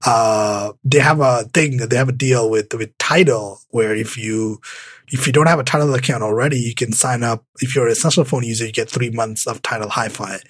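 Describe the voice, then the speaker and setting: A man's voice: medium pitch, brisk, fairly bright tone, slightly rough, no echo. A man co-hosting a casual tech podcast, rambling with many restarts and fillers. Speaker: podcast co-host.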